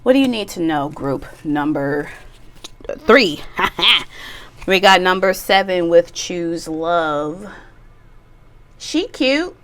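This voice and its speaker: Smooth-voiced, playful woman tarot reader. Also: lowish voice, sing-song, takes it slowly, long pauses. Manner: chatty and playful, with bawdy jokes and bursts of laughter. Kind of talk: casual pick-a-card tarot reading.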